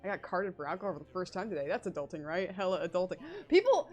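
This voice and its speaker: A woman's voice: lowish voice, very fast. Chatty swearing young woman streamer. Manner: chatty, swears freely, laughs often. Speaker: streamer drawing a webcomic. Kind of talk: casual livestream chat while drawing.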